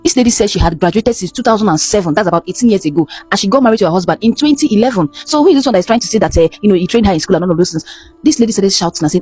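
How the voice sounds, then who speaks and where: A Nigerian woman telling a story in a chatty, animated way as a show host. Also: mid-range voice, racing, breathy edge. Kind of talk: casual storytelling.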